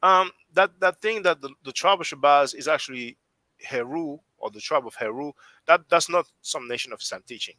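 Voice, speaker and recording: A man's voice: fairly high pitch, brisk, sharp tone, dry recording, low-quality recording. A man with a French accent hosting a casual live stream discussion, rambling and often restarting his sentences as he thinks aloud. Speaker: host.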